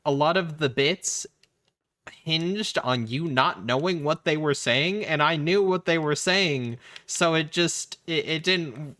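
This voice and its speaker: A man's voice: a little high, pushed and bright. A man casually telling a long, rambling childhood story on a gaming livestream, with lots of restarts and acted-out quotes. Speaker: livestream host. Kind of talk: casual chat.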